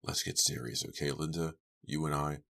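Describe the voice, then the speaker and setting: A man's voice: extremely low pitch, fairly even intonation, normal speed, creaky, fairly bright tone, full character voice. A man reading the part of a threatening man who mutters and then pleads. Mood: menacing, pleading. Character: menacing man with a chainsaw, turning fearful.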